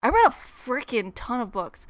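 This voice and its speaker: A young woman co-hosting a podcast, chatting casually and excitedly about books she has read. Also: a little high, no echo. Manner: bubbly, chatty, quick laughs. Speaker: podcast co-host. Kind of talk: casual book chat.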